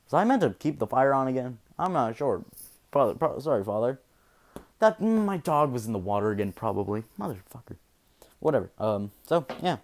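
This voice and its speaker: A man's voice: medium pitch, expressive, fast, a little mellow. A man telling an improvised fan story in a meandering way, full of fillers, restarts and casual swearing. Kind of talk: rambling improvised story narration.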